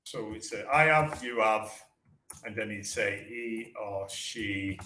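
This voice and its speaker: Bright-voiced Manchester English teacher. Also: male voice, lowish voice, flat delivery, takes it slowly, roomy sound, slight background noise. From England. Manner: chatty, repeats words, models pronunciation. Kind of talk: casual online English lesson.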